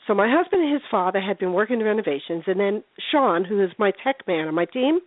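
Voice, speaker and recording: An older woman telling a story over a thin, tinny phone line, chatty and lively, slipping into little voices for the characters. Her voice sits at a middling pitch and sounds dry and close. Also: fast, dry recording. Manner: chatty, animated, acts out voices in her stories. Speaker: paranormal investigator guest. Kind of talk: casual phone interview storytelling.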